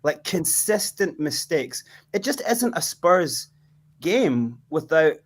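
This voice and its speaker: A man's voice: on the high side, very animated, takes it slowly. A man, a fan being interviewed outdoors after a match, chatting casually and rambling with lots of laughter. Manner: laughing, rambling, sings chants loudly. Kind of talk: casual post-match chat.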